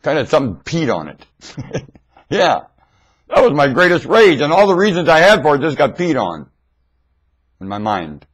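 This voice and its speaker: A man talking into a webcam in a rambling, blunt monologue, swinging between loud emphatic outbursts and low mutters. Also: very animated, normal speed, long pauses, husky. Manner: blunt, confrontational. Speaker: webcam video maker. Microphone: webcam microphone.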